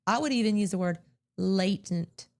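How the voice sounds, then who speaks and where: A woman co-hosting a Christian ministry show, casually chatting and retelling film scenes step by step in an animated way. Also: medium pitch, normal speed. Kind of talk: casual film review chat.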